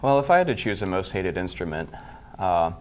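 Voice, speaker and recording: A man playing a dating show contestant, giving deadpan ironic answers. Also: low voice, brisk, slight background noise. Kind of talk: joking game show answers.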